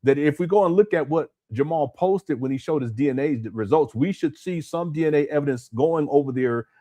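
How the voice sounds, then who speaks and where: A man's voice: on the high side, brisk, mellow. A man hosting a casual live stream at home, rambling and repeating his words as he talks to his chat. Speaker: commentary channel host. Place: hot home room.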